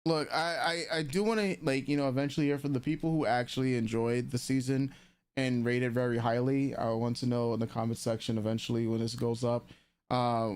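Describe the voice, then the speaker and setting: A man's voice: mid-range voice, darkish tone, clear, resonant tone. A man co-hosting a live anime commentary stream, rambling casually with lots of fillers and restarts.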